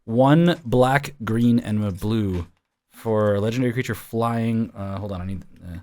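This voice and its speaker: A man hosting a casual podcast chat, reading card text aloud with halting fillers. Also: fairly low pitch, warm tone. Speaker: podcast host.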